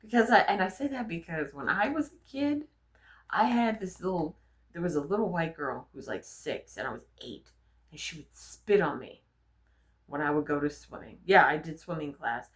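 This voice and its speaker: Low-voiced woman telling frank, profane stories. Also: moderate pace. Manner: frank, profane, animated storyteller. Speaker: vlogger. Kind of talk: candid personal storytelling.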